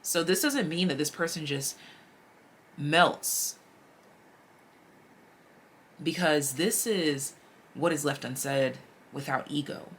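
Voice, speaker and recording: A woman giving a casual, chatty tarot reading straight to her viewers, animated and slangy. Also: low-pitched, slow pace, pauses often, a little hiss or hum. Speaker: tarot reader.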